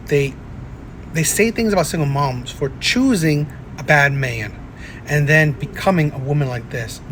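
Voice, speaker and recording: A man's voice: a little high, a bit bright, slight background noise. A man hosting reaction commentary, ranting and tagging his points with "right?". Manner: ranting, keeps asking "right?". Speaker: commentary host. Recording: echoey room.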